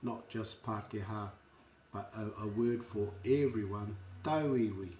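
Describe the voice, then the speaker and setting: A man with a New Zealand accent leads an unhurried online language lesson. He says each word slowly and clearly, repeating it so learners can follow. His voice rings in an echoey room. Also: on the low side, a little mellow, slight background noise. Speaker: language teacher.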